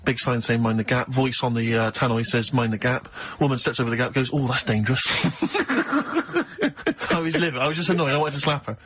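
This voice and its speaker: A man's voice: mid-range voice, expressive, normal speed, fairly bright tone, dull audio, a little hiss or hum. A man co-hosting a radio show, reading out listener emails with dry mockery in casual banter. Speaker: radio co-host. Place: radio studio.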